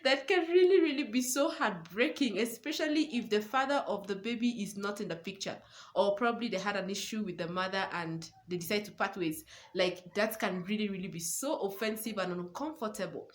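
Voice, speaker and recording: A woman's voice: medium pitch, brisk. A young woman, a new mother and parenting coach, giving earnest advice to camera and repeating words for stress. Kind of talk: casual advice talk to camera.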